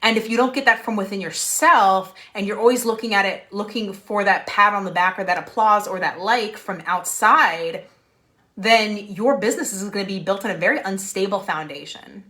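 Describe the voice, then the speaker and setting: A young adult woman, a business coach on a live stream from a room at home, energetic and often asking "right?". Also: medium pitch, moderate pace. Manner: energetic, repeats "right?", laughs.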